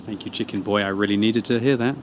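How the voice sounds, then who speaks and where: A man's voice: on the low side, fairly even intonation, fast. A British man chatting casually while streaming a game, teasing and rambling as he reads out chat messages. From Britain. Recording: clear background game noise.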